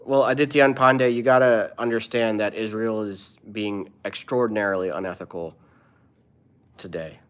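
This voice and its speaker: A man's voice: on the low side, steady tone, normal speed, fairly bright tone, clean tone. A man who is a comedian, live streaming and answering his viewers' chat in an earnest, opinionated way.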